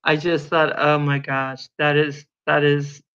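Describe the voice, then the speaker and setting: On a dull, lo-fi recording, a livestream host chats casually, telling little stories and welcoming viewers by name. Her voice sits low yet bright and forward, smooth and level, moving a little slowly.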